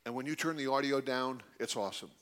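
A man's voice: medium pitch, fast talker, clean tone. A middle-aged man telling a story to a live audience and acting out the voices of the people he quotes. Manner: animated, acts out quoted voices. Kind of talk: storytelling talk.

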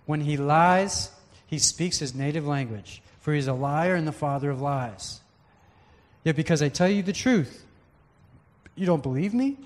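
Earnest pastor preaching in a reverberant hall. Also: male voice, a little high, animated, moderate pace. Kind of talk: sermon.

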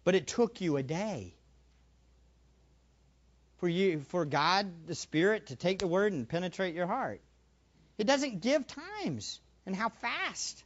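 A male preacher giving a sermon, animated, acting out little scenes and repeating phrases for emphasis. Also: sits high, slow pace, long pauses, dull audio.

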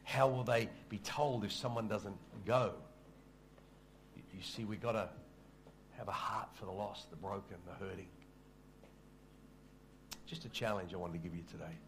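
Pastor, low conversational voice. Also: male voice, moderate pace, pauses often, slight background noise. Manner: conversational, self-deprecating, stammers on restarts. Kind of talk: sermon with storytelling.

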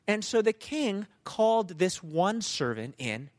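A male pastor preaching a sermon in a conversational, animated storytelling manner. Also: high voice, a little slow.

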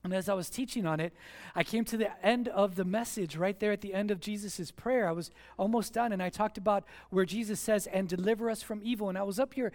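A man with a notably high voice delivers a sermon from the pulpit. He talks to the congregation in quiet, conversational asides, then rises into raised, animated exhortation. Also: brisk. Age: adult with children at home. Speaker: pastor.

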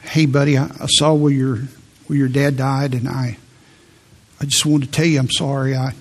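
This pastor's sermon comes in a mid-range voice, level in tone and at normal speed. He shares personal stories with earnestness before rising to a fervent reading of scripture.

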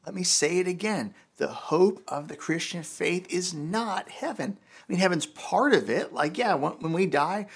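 A man's voice: sits high, moderate pace, vocal fry, few pauses, breathy edge. A man preaching a sermon in a casual, conversational way, full of fillers and restarts. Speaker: pastor.

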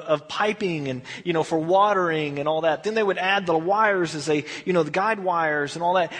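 A man teaches scripture in a relaxed, conversational manner, slipping into little acted exchanges as he tells the story. His voice sits high and slightly husky. The sound carries a long, echoing room reverb. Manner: casual, storytelling with acted dialogue. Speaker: Bible teacher. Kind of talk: verse-by-verse Bible study. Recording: echoey hall.

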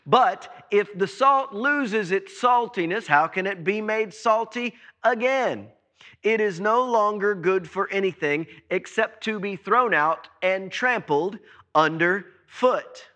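High-voiced, bright-toned man preaching. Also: slow. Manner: preaching with emphatic repetition and sudden swings in loudness. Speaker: pastor. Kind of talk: sermon.

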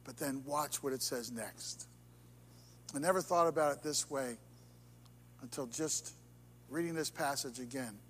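A man preaching a sermon in a church, swinging between soaring emphasis and hushed, intimate passages. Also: mid-range voice, unhurried, long pauses, a little hiss or hum. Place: church sanctuary. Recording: long reverb of a church hall.

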